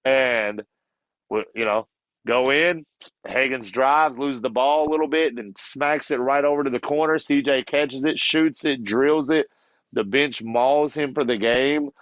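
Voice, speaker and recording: A man in a podcast interview, a basketball coach telling a story with animation, often laughing and acting out what others told him. His voice sits at an ordinary middle pitch. The recording sounds a little muffled and dry. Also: a little slow, a bit bright, no echo. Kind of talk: casual storytelling.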